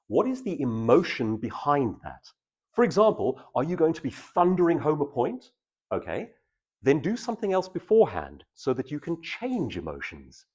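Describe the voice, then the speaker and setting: Man, husky voice, hugely lively pitch, public speaking coach, live workshop in a room. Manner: animated, shifting between intense and casual delivery. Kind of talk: live workshop talk to an audience.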